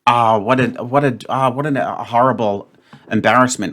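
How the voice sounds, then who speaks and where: A man's voice: mid-range voice, moderate pace, fairly bright tone. A man hosting his own puzzle channel, thinking aloud as he solves a word game and grumbling at himself. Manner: thinks aloud, frustrated, muttering self-talk. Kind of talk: solo puzzle-solving commentary.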